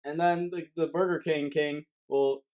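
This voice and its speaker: A man's voice: on the high side, steady tone, measured pace, muffled recording. A young man giving a rambling, sarcastic comedic rant to camera as a vlogger, swearing often.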